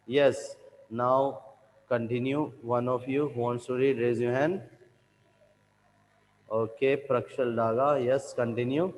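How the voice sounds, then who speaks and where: A man, teaching in a classroom, who reads a textbook chapter aloud and then slowly rephrases each line, repeating the key words. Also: mid-range voice, fairly even intonation, big-room sound, slight background noise, low-quality recording. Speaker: English teacher.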